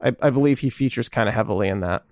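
A man's voice: mid-range voice, fast talker, no echo, studio quality. A man co-hosting a casual podcast chat, rambling and enthusiastic, swearing now and then. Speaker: podcast co-host.

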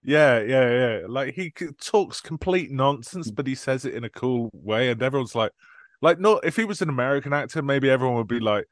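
A man's voice: medium pitch, expressive, brisk, dry recording. Dry-sounding man co-hosting a film podcast. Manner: laughs often, lists titles energetically. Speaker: podcast co-host. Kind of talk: casual film-review chat. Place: remote recording, apart from co-host.

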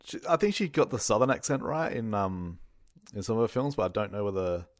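A man's voice: on the low side, lively intonation, fairly quick, no room sound, clean studio sound. A man with an Australian accent, co-hosting a podcast in playful casual chat and laughing often. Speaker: podcast co-host.

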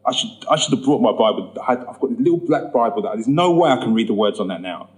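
A man telling his personal testimony in a sermon, acting out the voices in his story and rising high when he gets emphatic. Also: expressive, fast talker, poor audio. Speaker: preacher giving testimony.

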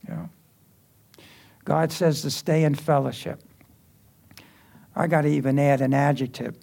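A man's voice: fairly high pitch, normal speed, creaky, long pauses, dark tone. A man preaching a sermon in a church, talking conversationally with quips and asides to the congregation.

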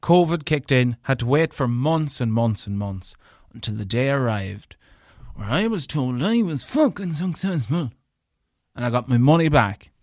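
An Irish man hosts a podcast alone and tells a story of his own. He is animated and angry and swears freely, at a middling pitch. The sound is dry and close, with no room around it. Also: moderate pace, dry recording. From Ireland. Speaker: podcast host. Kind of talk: solo storytelling rant.

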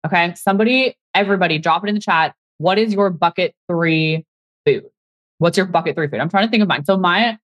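Chatty woman host with a lowish voice. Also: no room sound. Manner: chatty, upbeat, keeps saying "you guys". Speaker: fitness coach and podcast host. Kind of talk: live podcast talk, reading out audience chat.

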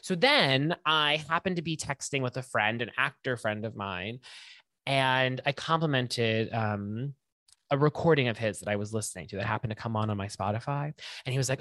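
A man hosting his own podcast alone, thinking out loud in a loose, self-conscious ramble. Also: medium pitch, moderate pace, no room sound, clean studio sound. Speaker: podcast host. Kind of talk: casual solo monologue.

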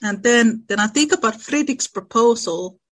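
A woman's voice: on the high side, expressive, normal speed, fairly bright tone. A woman who reads a classic novel's passages aloud and then discusses them in a casual book chat. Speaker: book club co-host reading aloud.

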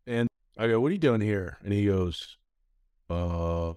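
Lowish-voiced guy in his 30s hosting a podcast, animated storyteller, dry close mic. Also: unhurried, smooth, no room sound. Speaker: podcast host. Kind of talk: casual podcast interview.

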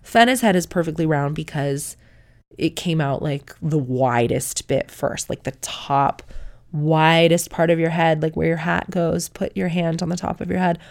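A woman with a notably low voice tells a story straight to camera in a frank, chatty way. She swears casually and laughs often as she talks. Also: moderate pace, vocal fry. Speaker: mother telling her birth story.

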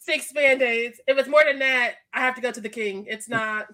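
A woman's voice: on the high side, normal speed, pushed and bright. A woman co-hosting a podcast, playful and laughing a lot as she chats. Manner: playful, laughs often, dramatic retellings. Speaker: podcast co-host. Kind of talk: casual chat.

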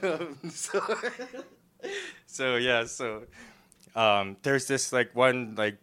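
Young man, rambling storyteller, bright tone, smooth voice, casual chat. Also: medium pitch, sing-song, extremely slow. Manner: rambling storyteller, laughs a lot.

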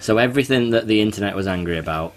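Man, deep-pitched, casual podcast chat, quick asides. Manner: chatty, quick asides, laughs at own jokes. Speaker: podcast co-host.

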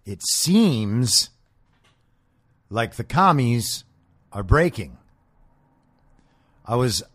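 A man's voice: mid-range voice, dry recording. A man hosting a political commentary show, talking in a blunt, sarcastic and profane way. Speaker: host.

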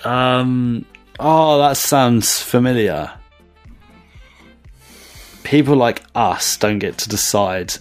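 A man's voice: mid-range voice, slow, long pauses, faint music behind. A man co-hosting a casual podcast, cheerful and jokey, laughing a lot. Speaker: podcast co-host.

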